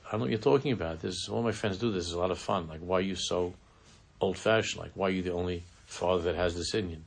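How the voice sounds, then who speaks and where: A man quoting a dismissive teenage daughter brushing off her father, in his own low, gravelly voice. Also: quick pace, exaggerated voice. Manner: impatient, brushing off a parent. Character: dismissive teenage girl, eye-rolling.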